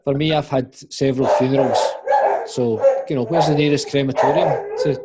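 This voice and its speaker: A man's voice: medium pitch, steady tone, a little fast, mellow, a little hiss or hum. A man hosting a casual church podcast, asking rambling questions with many restarts. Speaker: podcast host.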